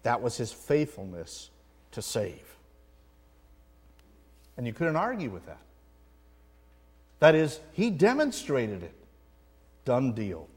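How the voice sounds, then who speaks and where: A man's voice: medium pitch, wildly swooping pitch, takes it slowly, long pauses, darkish tone, husky, in a large hall. A man preaching a sermon with earnest emphasis, telling a story to make his point. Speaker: pastor.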